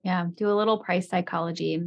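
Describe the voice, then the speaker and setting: A woman's voice: on the low side, fairly even intonation, brisk, vocal fry. A woman hosting a business podcast, asking questions and thinking aloud in an easygoing way. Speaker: podcast host. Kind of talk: conversational interview.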